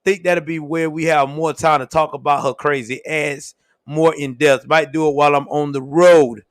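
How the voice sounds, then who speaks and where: Laughing, animated young man telling stories. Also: a little high, moderate pace, dry recording. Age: young adult. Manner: laughs often, animated, swears freely. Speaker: show host. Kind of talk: casual storytelling livestream.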